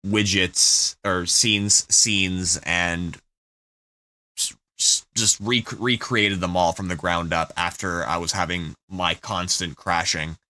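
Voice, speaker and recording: A man's voice: sits low, steady tone, takes it slowly, bright, forceful tone, no echo. A young man hosting a music livestream, talking casually with many restarts and fillers. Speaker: livestream radio host.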